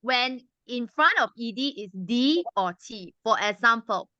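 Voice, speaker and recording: Bright teacherly woman. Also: fairly high pitch, expressive, dry recording, dull audio. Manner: patient, teacherly, drills sounds slowly for the group. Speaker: club president giving a language evaluation. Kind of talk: explaining grammar and pronunciation at a club meeting.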